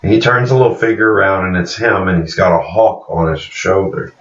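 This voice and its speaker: A deep-voiced man walks through a series' episodes in a loose, chatty recap. He sits a little back from the mic, and his voice echoes around the room. The sound comes through muffled and slightly dull. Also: fairly quick, fairly bright tone. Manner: retells scenes, chuckling and acting out lines. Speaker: TV series reviewer. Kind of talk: casual scene-by-scene recap. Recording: roomy, distant, dull recording.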